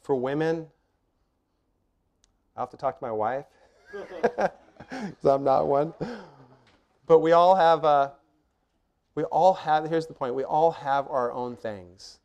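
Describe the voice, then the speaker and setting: A man's voice: a little high, slow pace, pauses often, darkish tone. A middle-aged man preaching a sermon as pastor, earnest and emphatic, asking rhetorical questions and laying out numbered points.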